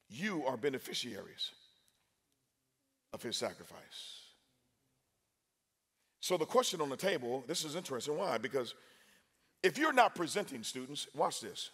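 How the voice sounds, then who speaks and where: A man preaching a sermon in a university chapel, energetic and talking with the crowd, with sudden loud bursts. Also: medium pitch, slightly rough.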